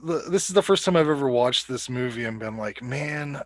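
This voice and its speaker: A man in casual movie-club chat, laid-back, swearing freely and filling pauses with ums and uhs. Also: medium pitch, expressive, no echo. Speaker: podcast co-host.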